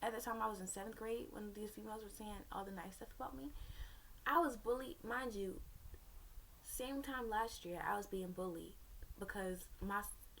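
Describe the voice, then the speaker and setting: A woman's voice: mid-range voice, normal speed, a bit bright, a little hiss or hum. A young woman telling a personal story to her viewers in a candid, rambling way, with sassy asides. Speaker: vlogger.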